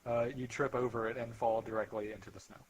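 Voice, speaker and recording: A man narrates a tabletop game as its dungeon master, stopping and restarting often with fillers. His voice sits at an ordinary pitch. A noisy mic with clicks runs under him. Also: little pitch movement. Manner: loose, halting narration with many fillers.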